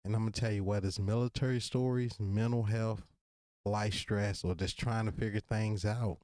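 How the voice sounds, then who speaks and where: A man in his thirties from Virginia with a Virginia accent and casual slang, hosting a solo podcast and talking straight to his listeners in an earnest, relaxed way. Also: fairly low pitch, normal speed, no echo, studio quality. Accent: Virginia, Southern US. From Virginia, USA. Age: 30s. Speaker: podcast host.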